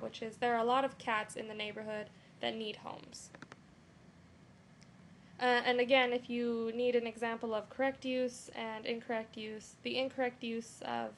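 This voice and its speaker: A woman's voice: a little high, slight background noise. A young adult woman giving a casual lesson over her screen, talking loosely with lots of "um" and "you know". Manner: relaxed, with frequent "um" and "you know". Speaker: teacher.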